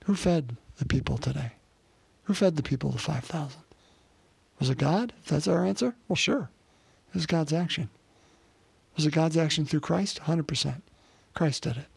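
A man's voice: fairly high pitch, normal speed, creaky, pauses often, slightly rough, no room sound. A man preaching a sermon in an earnest way, with frequent restarts and rhetorical questions.

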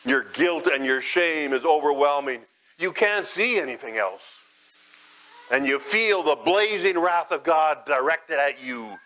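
A man preaching a sermon as guided imagery, dramatic, swelling loud and high, then dropping soft and low. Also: lively intonation, measured pace, low-quality recording.

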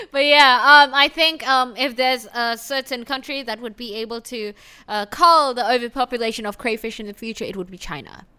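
High bright woman cohosting a podcast, swears a lot, laid back chatter. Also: moderate pace, clean tone. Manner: loose and profane, lots of fillers and laughter. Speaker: podcast co-host. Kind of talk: casual chat.

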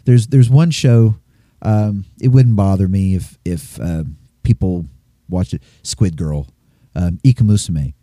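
Mellow-voiced man in casual chat. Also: deep voice, measured pace, no echo, studio quality. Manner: rambling storyteller who acts out voices.

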